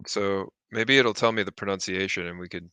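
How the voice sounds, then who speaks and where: Bright low-voiced man co-hosting a stream. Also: smooth, no room sound. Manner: eager, agreeable, lots of quick "yeah" replies. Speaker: stream co-host. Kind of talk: casual live-stream chat.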